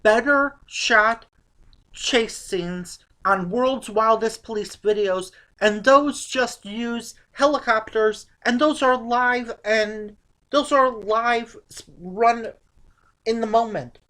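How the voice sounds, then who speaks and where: A woman's voice: fairly high pitch, takes it slowly, a bit bright. A woman reviewing an old movie in casual chat, sarcastic and exasperated.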